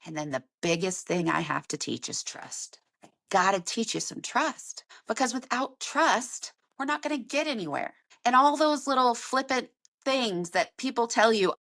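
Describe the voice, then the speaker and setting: A woman's voice: a little high, animated, a little slow, a bit bright. A woman lactation consultant hosting a podcast, talking in an earnest, emphatic way and repeating her key phrases. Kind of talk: casual podcast monologue.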